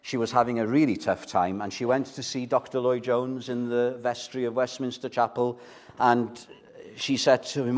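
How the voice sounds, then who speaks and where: A man's voice: mid-range voice, steady tone, normal speed. An older man preaching an evening sermon, stressing points by repeating phrases and putting questions to the congregation. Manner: emphatic, repeats key phrases for weight; direct, asks the congregation questions.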